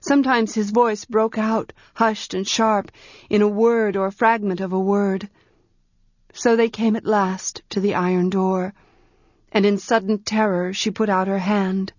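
A woman narrating a story in a measured, quiet storytelling manner. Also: medium pitch, flat delivery, dry recording, dull audio. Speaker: audiobook narrator.

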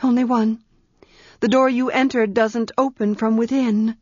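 A woman reading a story, voicing a frightened young woman lost in the dark, pleading and fearful. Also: on the high side, fairly even intonation, unhurried, no echo, lo-fi sound, voice pushed up. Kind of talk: audiobook character reading.

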